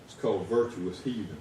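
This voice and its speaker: Deep-voiced and speaking with a Southern US accent, a lay preacher gives a folksy, conversational sermon, his stories building to shouts. The echoey church sanctuary is heard from far off, with slight background noise.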